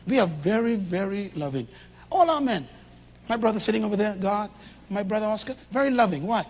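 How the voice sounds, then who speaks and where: A man preaching a sermon to a live congregation, swinging from shouts to low confiding tones and acting out little dialogues in different voices. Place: church hall with a congregation.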